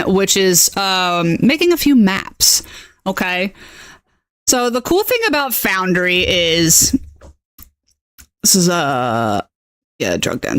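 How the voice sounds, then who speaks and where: A woman at mid pitch hosts a casual live-stream tutorial as a game master. She talks in a chatty, excitable way, reacting aloud as she works and tagging her lines with "okay?". Her voice sounds dry and close, with no room echo.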